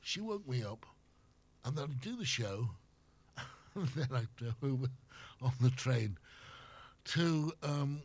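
A man's voice: mid-range voice, animated, slow pace, pauses often. An older man, a former radio host, chatting as an interview guest and telling rambling anecdotes. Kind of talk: casual chat. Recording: slightly muffled with faint noise.

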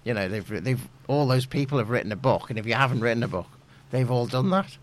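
A man's voice: mid-range voice, animated, fast talker. A man chatting casually in a group, hesitant and full of ums and restarts. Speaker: discussion participant.

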